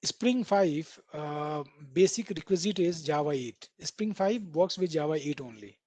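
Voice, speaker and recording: This coding teacher's voice is a little high and warm, with lively intonation and an unhurried pace, and there's no room sound. Running a live online class, he chats away, acts out the code editor's responses, and checks in often with "right?".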